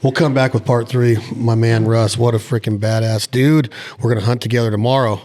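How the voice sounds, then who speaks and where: A man's voice: medium pitch, flat delivery, brisk, a little mellow. A male podcast host chatting casually and enthusiastically with a guest, then signing off the episode. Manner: enthusiastic, informal, swears casually. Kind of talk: casual interview and podcast sign-off.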